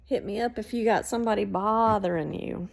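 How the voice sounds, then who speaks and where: A woman telling a story in a casual, animated way, swearing freely. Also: medium pitch, fairly quick, creaky. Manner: animated, swearing, laughs between lines.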